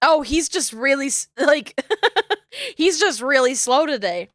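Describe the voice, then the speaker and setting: A woman's voice: high-pitched, expressive, measured pace, no room sound, clean studio sound. A young woman streamer chatting casually and swearing freely as she rambles. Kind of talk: casual livestream chat.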